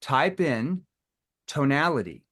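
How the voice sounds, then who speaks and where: Male sales coach, lively and theatrical, voices prospects mid-session. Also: medium pitch, slow pace. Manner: animated, acts out phone calls with playful tones. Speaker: sales trainer. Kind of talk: live sales training session.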